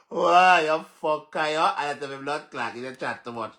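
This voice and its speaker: A man with a Jamaican accent ranting on a livestream as a social media commentator, loud and mocking, laughing and cursing as he goes. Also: a little high, a little slow, few pauses. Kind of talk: livestream rant.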